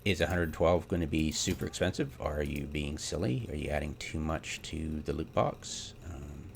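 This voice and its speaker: Man, low and gravelly, casual game commentary, exasperated rant, faint keyboard hum behind. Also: moderate pace. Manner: exasperated, rhetorical questions, many ums. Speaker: game theorycrafter. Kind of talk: casual ranting commentary over gameplay.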